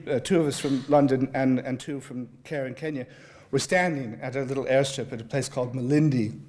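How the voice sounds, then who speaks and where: A man speaking at a public talk, mixing anecdote with reading aloud. His telling is wry and self-deprecating, with a mid-pitched voice. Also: darkish tone. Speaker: guest speaker. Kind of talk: humorous storytelling and reading aloud.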